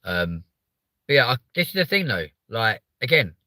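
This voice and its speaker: A man's voice: mid-range voice, very animated, normal speed, pushed and bright, slight background noise. A young man hosting a live stream, chatting with viewers in a sweary, joking, rambling way. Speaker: live show host.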